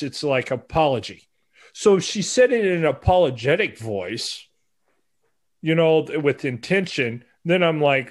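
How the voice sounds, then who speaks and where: A man with a somewhat higher voice argues his point in relaxed podcast talk. He works his thoughts out as he speaks and often restarts his sentences. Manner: opinionated, thinks aloud, restarts. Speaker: podcast co-host. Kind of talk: casual chat.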